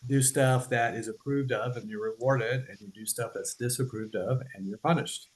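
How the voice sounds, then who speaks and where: A man's voice: medium pitch, fairly even intonation, normal speed, a little hiss or hum, rough recording. A man in casual explanatory podcast talk, loose and conversational, swearing, laughing and often checking in with "right?". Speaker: podcast host.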